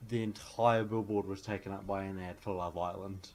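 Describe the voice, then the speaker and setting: This podcast co-host has a low, darkish voice with a steady tone and normal speed. In a casual, jokey conversation he rants about reality shows and imitates quotes in mock voices.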